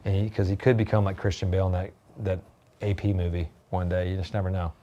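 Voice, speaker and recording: A fast, rambling man co-hosting a casual livestream. His voice sits a little low, and he keeps tumbling over repeated words when he gets excited. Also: muffled recording. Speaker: livestream co-host. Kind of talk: casual chat.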